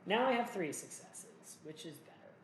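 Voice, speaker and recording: A man's voice: high voice, expressive, normal speed. Man, solo board game commentary, chatty, self-deprecating humor, roomy echo, faint background noise. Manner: chatty, jokey and self-mocking, talking through each move. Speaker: solo board game player and channel host. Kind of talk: casual playthrough commentary. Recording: echoey room with faint noise.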